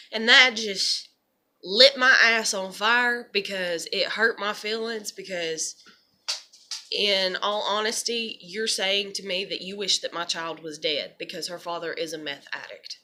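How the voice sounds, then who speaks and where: Bright, animated young woman rambling. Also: medium pitch. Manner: animated storyteller, filler-heavy, lots of "you know". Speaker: vlogger. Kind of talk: unplanned rambling monologue.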